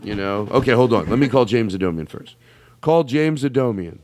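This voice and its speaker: A man's voice: mid-range voice, animated, fairly quick, a little mellow, a little hiss or hum. A man hosting a comedy podcast, riffing in loose, profane, jokey banter. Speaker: podcast host.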